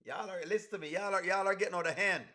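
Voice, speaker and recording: Bright high-voiced male streamer. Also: fast talker. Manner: reads viewer comments aloud, shouting out cities; chatty, addresses viewers as friends. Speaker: live stream host. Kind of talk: casual live stream chat.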